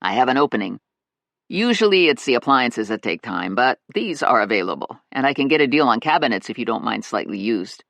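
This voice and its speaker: A practical middle-aged handyman who talks plainly and lower than the narration, as an audiobook narrator puts him on. The recording is dry and close. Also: sing-song, fairly quick, gravelly, fairly bright tone, no echo. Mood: matter-of-fact. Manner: plain, matter-of-fact.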